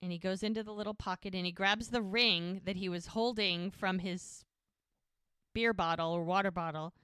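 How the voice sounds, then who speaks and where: A woman co-hosting a podcast, walking through a TV episode beat by beat. She acts out every exchange with "he's like" and "she goes". Her voice sits at a middle pitch and is recorded dry and close, with no room sound. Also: moderate pace, clean tone, no room sound. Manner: animated retelling, quoting characters with "he's like". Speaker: podcast co-host recapping a TV episode. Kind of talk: casual storytelling recap.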